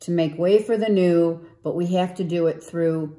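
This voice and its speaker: A woman giving a spiritual tarot reading, coaxing her listener and often checking in with "okay" and "right", her voice going hoarse. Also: lowish voice, normal speed, dark tone, echoey room. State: losing her voice. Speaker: tarot reader.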